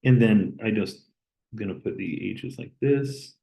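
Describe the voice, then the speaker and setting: A man lecturing, explaining step by step as he draws and pausing on an occasional "okay". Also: on the low side, gravelly, warm tone, rough recording. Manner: plain, step-by-step explaining with okays. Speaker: chemistry lecturer. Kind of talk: recorded lecture while drawing.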